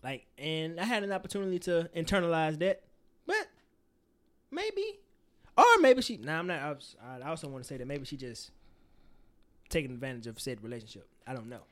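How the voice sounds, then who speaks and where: A man's voice: on the high side, lively intonation, brisk, pauses often, a bit bright. A young man co-hosting a casual podcast, talking through friendship advice candidly and animatedly, swearing freely and acting out quoted lines. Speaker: podcast co-host.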